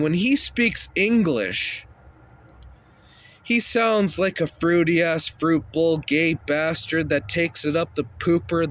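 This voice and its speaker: A man's voice: high voice, a bit bright. A man hosting a shock-humour comedy show, ranting crudely and insulting people.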